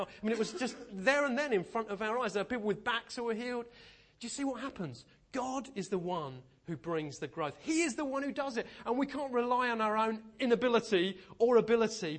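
A man preaching a sermon in a church, telling stories in an animated, humorous way. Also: high voice. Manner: animated storytelling, lively and humorous.

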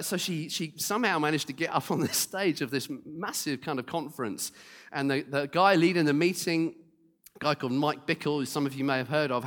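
A man preaching a sermon, with humorous, animated storytelling. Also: a little high. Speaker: pastor. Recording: long hall reverb.

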